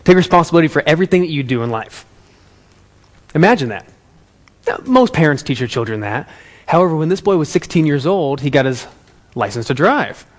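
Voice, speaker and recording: A man telling a story to an audience as a motivational speaker, in an animated, conversational way. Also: on the high side, a little fast, pauses often. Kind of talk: storytelling talk.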